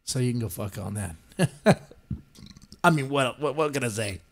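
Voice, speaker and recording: Ranting on his podcast at normal speed, a man with a mid-range voice and lively intonation curses freely. He imitates the people he quotes in mocking, exaggerated voices.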